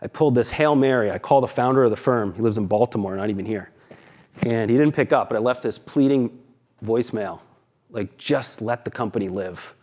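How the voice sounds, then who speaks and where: Candid, swearing founder from on stage. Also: male voice, mid-range voice, fairly quick, a little mellow. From Boston, USA. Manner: candid, profane, dramatic storytelling with acted quotes. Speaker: keynote speaker, company founder. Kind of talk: conference keynote storytelling. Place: conference stage.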